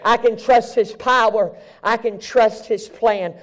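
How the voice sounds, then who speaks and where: A man preaching a sermon at a live event, swinging from hushed near-whispers to shouting with a fervent, repetitive cadence. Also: high voice, steady tone, takes it slowly.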